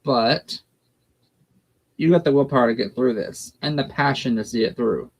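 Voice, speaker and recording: A man's voice: mid-range voice, normal speed, low-quality recording. A man, a guest tarot reader talking in a folksy, blunt way. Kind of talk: casual chat during a tarot reading.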